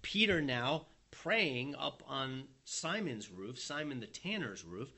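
A man preaching a sermon, telling the story in a lively way with a chuckle here and there. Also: medium pitch, slow pace.

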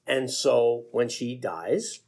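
A man's voice: medium pitch, a little mellow, breathy edge, voice pushed down. A male pastor voicing a greedy man who jumps at a land deal, then backs out. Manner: casual, quick, then backpedaling. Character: eager, greedy middle-aged man weighing a deal.

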